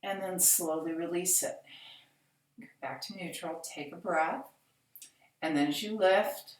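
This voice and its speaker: Calm and gentle, a woman with a low, deep voice talks a group through chair exercises, pacing her reassuring instructions slowly. She's recorded from a distance in an echoey room that rings around her speech.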